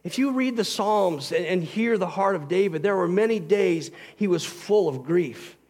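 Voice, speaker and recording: A man preaching a sermon as pastor, earnest and emphatic, swinging between loud passages and quiet ones. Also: high-pitched, lively intonation, moderate pace.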